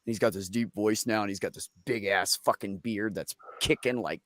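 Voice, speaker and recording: A man's voice: lowish voice, normal speed, fairly bright tone, dry recording, studio quality. A middle-aged man hosting a casual live chat, telling stories bluntly and with lots of swearing and joking. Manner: blunt, profane, joking storyteller. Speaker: livestream host.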